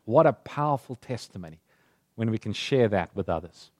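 A man's voice: mid-range voice, big pitch swings, fairly quick, darkish tone, dry recording. Storytelling male preacher, dry sound. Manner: storytelling, acting out voices in quotes. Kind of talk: sermon.

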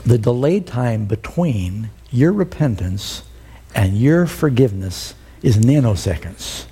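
A middle-aged man preaching a sermon, telling the story with animated, acted-out quotes. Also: medium pitch, slow, a little hiss or hum. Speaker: pastor.

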